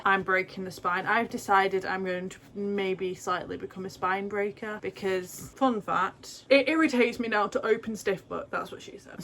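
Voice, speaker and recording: A woman's voice: medium pitch, fairly bright tone. Young british woman gushing about books at home, rambly, faint hiss behind. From Britain. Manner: chatty, gushing, rambling asides. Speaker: book vlogger. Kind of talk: casual chat to camera. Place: home, indoors.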